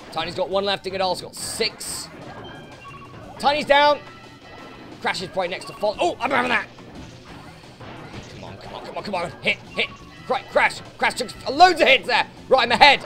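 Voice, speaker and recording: A British man who hosts let's plays, giving excitable gameplay commentary full of swearing and frustrated outbursts. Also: sits high. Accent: British English. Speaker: let's play host.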